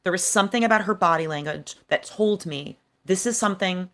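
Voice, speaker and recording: A woman's voice: fairly low pitch, a little fast, a bit bright. A woman guest author earnestly recounting a personal childhood memory in an interview. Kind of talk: personal storytelling.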